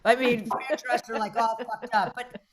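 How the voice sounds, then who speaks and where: A middle-aged woman from Las Vegas hosting a comedy show, doing brash, rambling stand-up that often bursts out loud. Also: a little high, flat delivery, moderate pace, a little hiss or hum.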